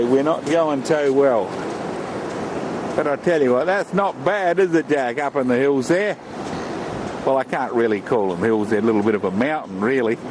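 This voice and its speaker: An Australian man chatting casually as he films a travel vlog outdoors on a rainy, windy beach, rambling and calling his friend mate. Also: mid-range voice. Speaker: travel vlogger. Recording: wind and surf noise outdoors.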